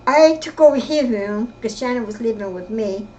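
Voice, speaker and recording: An older woman telling her own story in casual, rambling speech, often halting and repeating herself. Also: on the high side, expressive, warm tone, slight background noise, poor audio. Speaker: interviewee recounting her life. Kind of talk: casual spoken reminiscence.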